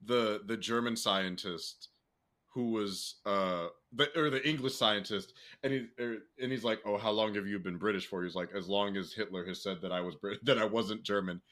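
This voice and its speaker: A young man co-hosting a casual podcast, talking freely with swearing and laughter, jumping into a high excited voice. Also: normal speed. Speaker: podcast co-host. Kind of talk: casual chat.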